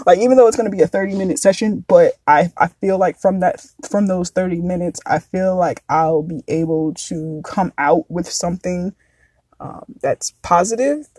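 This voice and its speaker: A podcast host in her thirties chats casually, speaking frankly and confessionally and drifting into tangents. Her voice is lowish, a little mellow and slightly rough, with no room sound.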